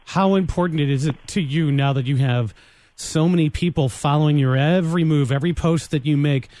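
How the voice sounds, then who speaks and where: A man co-hosting a radio show who asks long, earnest questions at a measured pace. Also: fairly high pitch, darkish tone, no room sound. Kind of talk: radio interview.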